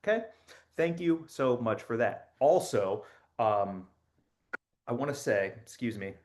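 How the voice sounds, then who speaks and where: A man's voice: mid-range voice, unhurried, close to an everyday voice. A man playing a rambling spy agency spokesman. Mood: cheerfully deadpan. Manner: rambling, offhand, deadpan, many fillers. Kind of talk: satirical comedy monologue.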